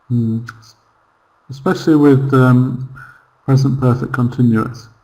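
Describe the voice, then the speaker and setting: Man as a patient tutor, very unhurried delivery, drawn-out examples. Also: fairly high pitch, poor audio. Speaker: English pronunciation teacher. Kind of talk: online class lesson.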